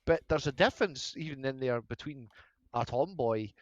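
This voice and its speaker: A man's voice: medium pitch, animated, normal speed, no room sound, muffled recording. A Scottish man hosting a casual podcast chat, swearing constantly and rambling through his stories. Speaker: podcast host.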